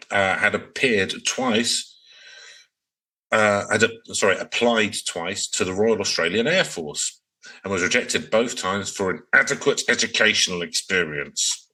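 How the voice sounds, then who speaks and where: Husky, bright-toned man. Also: fairly low pitch, unhurried, rough recording. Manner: laughs often while reading out the story. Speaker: podcast co-host. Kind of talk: casual chat, recounting a case.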